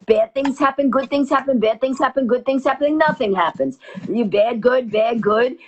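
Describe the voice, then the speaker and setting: A woman comedian telling a story as an interview guest, talking fast and acting out the voices of the people in it. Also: high voice, a little mellow, highs cut off, a little hiss or hum. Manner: fast, acts out quoted voices. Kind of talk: animated storytelling.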